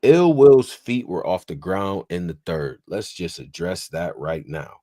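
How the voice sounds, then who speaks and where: Man, very low voice, dry sound, casual podcast chat, animated, repeats himself. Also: measured pace, no room sound. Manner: animated, repeats phrases, quotes bars. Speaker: podcast co-host. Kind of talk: casual chat recapping battles.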